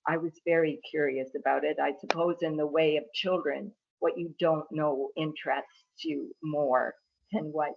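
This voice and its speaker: A woman from Ireland, a guest author, speaking and reading from her book in a measured, reflective way over a video call. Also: deep voice, vocal fry, lo-fi sound.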